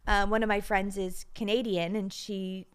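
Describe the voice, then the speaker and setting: A woman's voice: mid-range voice, flat delivery, moderate pace, clear, resonant tone. A young woman co-hosting a podcast, teasing her partner in casual chat, laughing often and saying "like" a lot. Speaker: podcast co-host.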